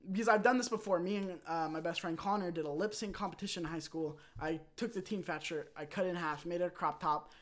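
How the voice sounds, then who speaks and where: A young man hosting his own channel, telling a rambling personal story in a casual, animated way and acting out quotes. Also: sits high. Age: young adult. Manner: animated, rambling, with quick restarts and acted-out quotes. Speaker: channel host.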